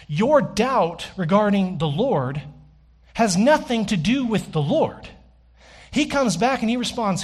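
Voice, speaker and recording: A man preaching a sermon as a pastor in church, emphatic, slowing and rising on key phrases and dropping low and soft to reflect. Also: lively intonation, breathy edge.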